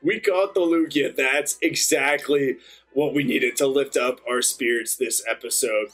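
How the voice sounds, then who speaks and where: A young man hosting a gaming channel, giving chatty, excitable let's-play commentary. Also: medium pitch, unhurried, soft background music. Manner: excitable, chatty, bursts into cheers.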